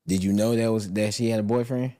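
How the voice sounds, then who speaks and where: Mellow laid-back podcast host man. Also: lowish voice, fairly even intonation, quick pace. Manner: laid-back, blunt, teasing. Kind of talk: casual podcast chat.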